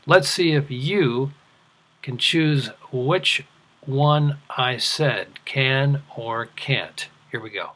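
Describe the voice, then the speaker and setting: A middle-aged man teaching an English lesson, enunciating slowly and deliberately for learners. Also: medium pitch, sing-song, fairly bright tone. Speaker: ESL teacher. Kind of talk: scripted language lesson.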